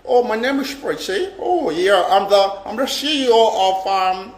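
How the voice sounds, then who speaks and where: A Nigerian man mimicking a soft-spoken woman caller, who sounds hesitant and coy. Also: sits high, animated, unhurried. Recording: roomy echo.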